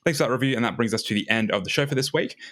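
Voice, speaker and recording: A man hosting a video game chat show. He chips in with quick, probing questions, then moves into a tidy, scripted sign-off. His voice sits at an ordinary middle pitch. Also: a bit bright. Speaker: show host. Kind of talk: casual chat and show wrap-up.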